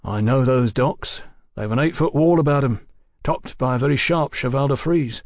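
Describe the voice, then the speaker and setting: A man voicing a calm, worldly guide who speaks in a measured way, in an audiobook. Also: mid-range voice, dry recording, studio quality, natural voice. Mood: explaining.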